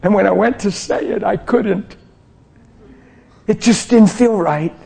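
A middle-aged male preacher gives a passionate testimony sermon. His voice sits slightly high, and he moves between soft, near-whispered lines and loud, fervent outbursts. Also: measured pace, creaky. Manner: passionate, swings from hushed to loud.

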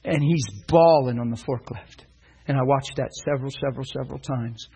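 Husky-voiced preacher telling an animated story. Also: male voice, mid-range voice, a little fast, low-quality recording. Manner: animated storyteller acting out dialogue. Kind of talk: sermon storytelling.

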